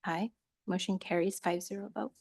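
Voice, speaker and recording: Woman calmly chairing a board meeting. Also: mid-range voice, gravelly, husky. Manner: procedural and measured, also speaks some Spanish. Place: school board meeting room.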